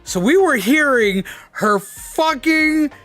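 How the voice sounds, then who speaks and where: A man streaming live, telling a story casually and excitedly, cursing freely and using lots of fillers. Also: very high-pitched, takes it slowly, soft background music. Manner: excitable, swears a lot, many fillers.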